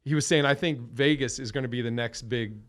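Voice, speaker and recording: Man, thirties, comedian, casual rambling storytelling, profane, self-correcting, mid-pitched. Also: steady tone, quick pace, fairly bright tone. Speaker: comedian guest.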